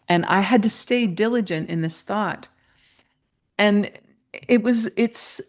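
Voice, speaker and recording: A middle-aged woman shares a personal story as an interview guest. She tells it with energy and brings other people to life by acting out their voices. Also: mid-range voice. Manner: lively storyteller who acts out the voices of others. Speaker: podcast guest.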